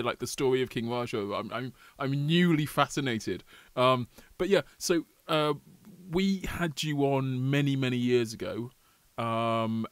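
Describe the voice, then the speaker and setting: A man hosting a podcast, his voice of ordinary pitch recorded dry and close. He teases his guest in a wry way and stumbles through his questions with frequent ums. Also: clear, resonant tone, no echo. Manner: wry, hesitant, many ums. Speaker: podcast host. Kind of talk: casual podcast chat.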